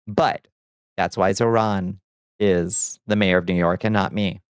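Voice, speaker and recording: Low, smooth-voiced male streamer. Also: steady tone, measured pace, no echo, clean studio sound. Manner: chatty, sardonic, reads chat aloud. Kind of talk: casual livestream chat.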